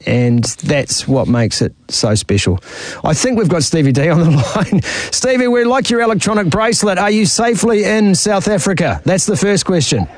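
A man's voice: high voice, animated, normal speed, no echo, low-quality recording. Man, New Zealand accent, sports radio host, enthusiastic, dry studio sound. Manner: enthusiastic, laughs often.

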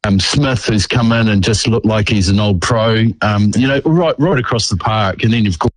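A man's voice: on the low side, normal speed, no room sound, low-quality recording. A middle-aged man with a New Zealand accent, a former cricketer being interviewed, talking with many ums and restarts. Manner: hesitant, lots of ums and restarts.

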